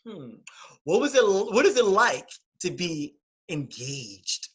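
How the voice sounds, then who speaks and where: A man's voice: high voice, big pitch swings, slow pace, slightly rough. A man hosting a casual podcast interview, gushing and laughing often. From California. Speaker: podcast host.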